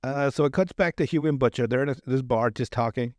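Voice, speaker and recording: A fast-talking man with a mid-range voice hosts a podcast, loosely recapping a TV episode in a dry recording. His speech rambles with lots of fillers and restarts, and he laughs frequently.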